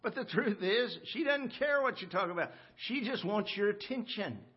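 A man's voice: high voice, animated, normal speed, slightly rough. A man preaching a sermon from the pulpit in a folksy, joking way, often checking in with the congregation. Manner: folksy, joking, talks to the congregation with frequent "okay?". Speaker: pastor. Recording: muffled church audio recording.

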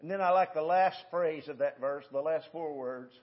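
Preaching from a church sanctuary, a man in his sixties, the pastor, speaks at normal speed in a slightly high voice, with the highs cut off. His style is folksy and chatty, full of rhetorical questions.

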